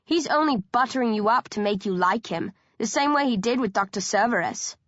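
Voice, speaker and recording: A woman's voice: a little high, animated, fairly quick, a bit bright, no room sound, lo-fi sound. A woman voicing a brash, defiant teenage zombie girl who snarls and mocks. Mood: hostile. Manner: snarling, sarcastic.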